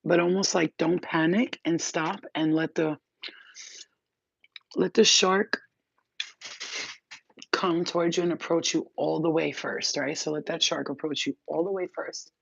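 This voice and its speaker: Gravelly, husky woman, loose profane spiritual host, dry dull sound. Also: low voice, steady tone, unhurried, pauses often, no echo. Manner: rambling, profane, streetwise. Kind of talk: casual spiritual talk.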